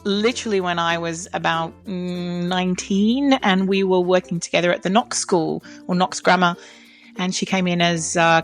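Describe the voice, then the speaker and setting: A woman's voice: fairly low pitch, a bit bright. A woman in her forties, an opera soprano co-hosting a podcast, chatting cheerfully with a mischievous streak. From Australia. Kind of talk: casual chat.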